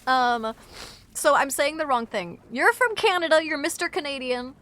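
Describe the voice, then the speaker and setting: Woman, twenties, sick and sleepy, streamer chat, piercing bright tone. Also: sits high. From Wisconsin, USA. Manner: chatty, scattered, quick swings into loud excited outbursts. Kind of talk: casual live-stream chat while gaming.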